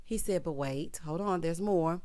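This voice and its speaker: A woman hosting a casual TV recap, retelling scenes in a sassy, animated way with quoted voices. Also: lowish voice, a little slow, no echo. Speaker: TV recap host.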